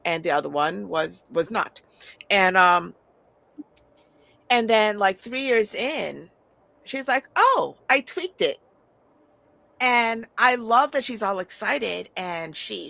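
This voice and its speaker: A woman's voice: medium pitch, measured pace, gravelly, sharp tone, dry recording. A middle-aged woman chatting casually as a podcast host, blunt and prone to swearing, stammering over repeated words and laughing often. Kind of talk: casual chat.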